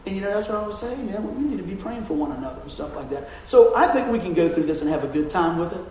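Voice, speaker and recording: A man's voice: high-pitched, lively intonation, fast, darkish tone, a little hiss or hum. A man giving a casual sermon, chatty, laughing often and repeating his words. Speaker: pastor. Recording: echoey room, mic far off.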